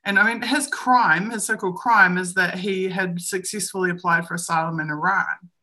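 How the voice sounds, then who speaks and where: A woman's voice: on the low side, fairly even intonation, moderate pace, sharp tone. A woman co-hosting a live-streamed discussion, speaking emphatically and acting out other people's lines as she argues her views. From New Zealand. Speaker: co-host.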